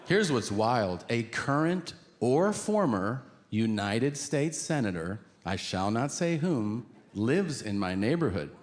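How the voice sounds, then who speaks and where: A male stand-up comedian telling a story in a conversational, wry manner on stage before an audience. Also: medium pitch. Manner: conversational, wry, building to exasperation. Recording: live hall with audience noise.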